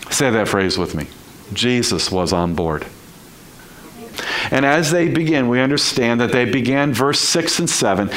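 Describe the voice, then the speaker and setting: A man's voice: medium pitch, a bit bright, rough recording. A male pastor preaching a sermon in a conversational style, full of rhetorical questions to the congregation.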